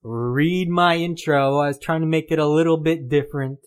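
A man's voice: on the high side, fairly even intonation, normal speed, clean tone. A man hosting a casual weekly gaming podcast, joking and poking fun at himself. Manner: playful, self-mocking. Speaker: podcast host.

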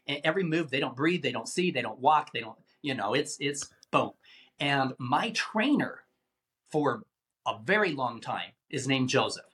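A man telling a tense story as an interview guest, animated and given to repeating words as he talks. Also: mid-range voice, normal speed. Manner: animated, acts out quoted voices, repeats words.

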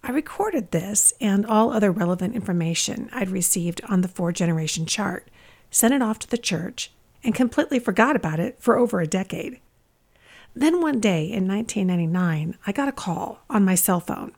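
A woman hosting a podcast, announcing the episode in a clear, upbeat way and reading a listener's letter aloud. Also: mid-range voice, lively intonation, moderate pace, darkish tone. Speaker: podcast host.

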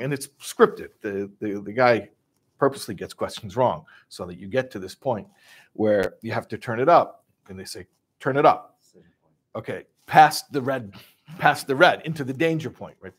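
A man from Chicago casually retelling a story, animated and full of restarts, acting out voices. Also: on the low side, slightly rough. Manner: animated, acts out voices, many restarts and asides.

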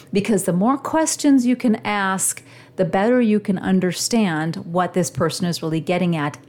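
A woman's voice: mid-range voice, darkish tone. Earnest woman coaching her listeners. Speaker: podcast host. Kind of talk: motivational teaching monologue.

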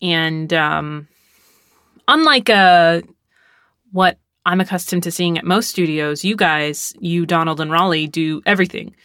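Bright voice, chatty storyteller acting out quotes, dry close mic. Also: mid-range voice, a little slow, clean tone, no room sound. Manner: lively storyteller, acts out quotes, laughs often. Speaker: script supervisor and writer. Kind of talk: casual podcast chat. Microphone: close studio mic.

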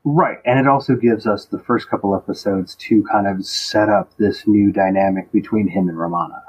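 A man's voice: fairly low pitch, steady tone, normal speed, slightly rough. A man co-hosting a podcast, chatting casually about a TV episode and throwing in joking asides. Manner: jokey, teasing asides. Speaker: podcast co-host. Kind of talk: casual chat reviewing a TV episode. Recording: dull lo-fi sound with faint noise.

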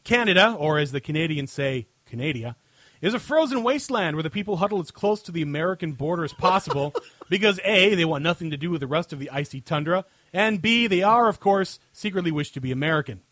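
A man on a podcast reads out long comic answers to listener questions, mocking and over the top, chuckling at his own lines. His voice sits a bit high for a man. The desk mic sound is dry and close, with no room around it. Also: animated, fast, a bit bright, no echo. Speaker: podcast host. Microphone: own desk microphone.

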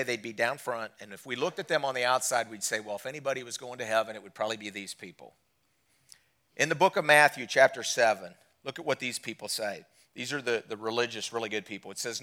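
A man preaching a sermon to a church congregation, asking them direct questions and swinging between loud emphatic lines and quiet low drops. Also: brisk. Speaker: guest preacher. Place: church service.

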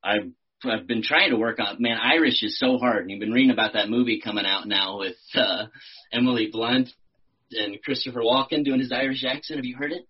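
A man's voice: mid-range voice, fairly quick, slightly rough, muffled recording. A man from Texas, an actor and musician in his thirties, chatting casually on a podcast, laid-back, swearing and laughing often. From Austin, Texas.

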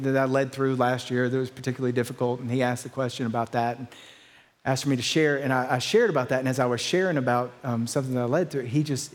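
A middle-aged man, a pastor, preaching a sermon with stories and self-deprecating humor that build to excited peaks. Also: mid-range voice.

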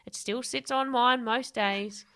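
A woman with a bright, forceful voice that sits a little high, telling her stories with candid energy. She swears freely and laughs often while chatting as a guest in a casual interview. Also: fairly even intonation, measured pace. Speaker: podcast guest, coach and speaker.

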